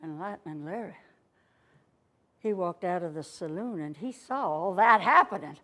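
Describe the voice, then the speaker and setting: A woman's voice: lowish voice, a little slow, sharp tone. A woman storyteller in a folksy cowgirl persona, telling a story to children in a library story room and having them repeat lines after her.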